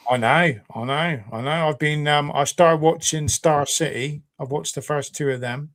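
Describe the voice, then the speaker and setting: A man's voice: a little high, normal speed, a bit bright, no room sound. A man from the UK co-hosting a casual livestream chat, rambling and trailing off. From United Kingdom. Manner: rambling, trails off, lots of fillers. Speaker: co-host of a toy collectors livestream.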